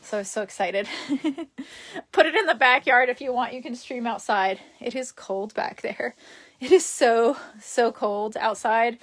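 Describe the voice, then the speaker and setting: Young New woman, chatty and giggly, livestreaming from her bedroom, pitch a touch high. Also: a little slow. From Queens, New York. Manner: chatty, giggly, talks to viewers. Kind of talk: casual livestream chat.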